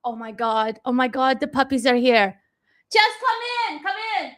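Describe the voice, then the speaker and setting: A woman's voice: high voice, sing-song, measured pace, fairly bright tone. A woman teaching a live online class from her home kitchen, bubbly and gushing, laughing often. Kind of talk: live-streamed class, casual and chatty.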